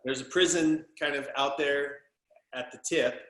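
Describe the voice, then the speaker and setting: A man hosting an interview podcast, with a voice on the higher side for a man. He chats in a loose, friendly way and tells his own stories with animation. His voice carries a roomy echo. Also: measured pace. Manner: animated, chummy storyteller. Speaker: podcast host. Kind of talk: casual interview chat.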